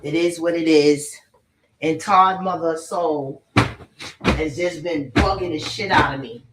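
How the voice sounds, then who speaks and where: Heavy background noise and roomy echo surround a low, steady, unhurried female voice set far from the microphone. The speaker, a spiritual messenger and celebrity commentator, gives a casual, ranting take full of profanity, bluntly repeating her points to press them.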